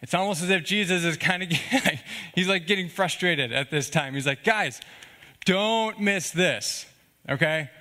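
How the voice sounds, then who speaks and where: A male pastor delivering a sermon with a bright, forceful voice pitched a little above the usual for a man. He talks conversationally and earnestly, dropping frequent check-in asides to his listeners. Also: normal speed. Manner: earnest, conversational preaching with asides like "okay?" and "all right?".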